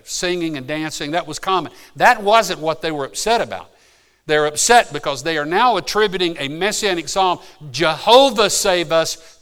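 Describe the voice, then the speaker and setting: Fervent male preacher, smooth voice. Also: on the high side. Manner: builds from calm teaching to fervent emphatic preaching; repeats and restarts words mid-phrase. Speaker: pastor. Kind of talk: sermon.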